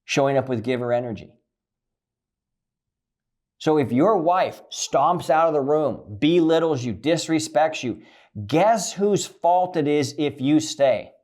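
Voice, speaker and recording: A man giving a blunt, profane coaching monologue about relationships, swinging from loud emphasis to low, quiet lines. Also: lively intonation, measured pace.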